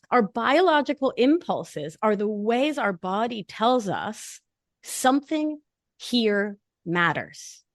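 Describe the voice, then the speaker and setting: Woman guest, expressive and animated delivery, close dry mic. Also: mid-range voice, dry recording. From not from Long Island. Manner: animated, playful, emphatic explaining. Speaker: guest, nurse practitioner and life coach. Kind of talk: conversational podcast interview.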